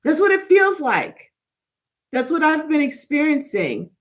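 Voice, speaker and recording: A woman's voice: high-pitched, big pitch swings, unhurried. A woman hosting a casual spiritual livestream, rambling and chatty as she reads and answers viewers' live comments from home.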